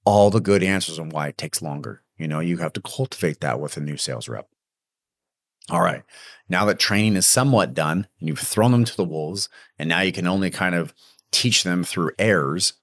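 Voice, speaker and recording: A man's voice: deep voice, expressive, normal speed, a bit bright, no echo, clean studio sound. A man hosting a podcast, coaching listeners on hiring and training sales reps in an emphatic, direct way. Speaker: podcast host. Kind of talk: casual business advice monologue.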